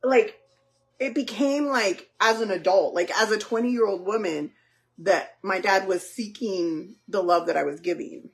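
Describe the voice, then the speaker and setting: A woman's voice: mid-range voice, measured pace. A woman and mother chatting casually with her viewers while making dinner, talking directly to them with lots of fillers. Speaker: livestream host and mother. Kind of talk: casual chat while cooking.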